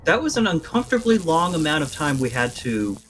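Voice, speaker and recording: A man's voice: a little high, very animated, fairly quick, a bit bright, a little hiss or hum. A man chiming in with dry, wry remarks during casual gameplay commentary.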